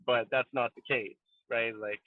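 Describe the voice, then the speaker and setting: A man's voice: mid-range voice, steady tone, measured pace, dry recording. A man co-hosting a podcast in casual chat, thinking aloud with many restarts. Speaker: podcast co-host. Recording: tinny phone-like line, dry.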